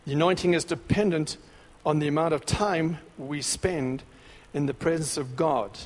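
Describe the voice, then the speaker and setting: A man preaching a sermon, exhorting in short emphatic repeated phrases that grow louder and more excited. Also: on the high side, normal speed, big-room sound.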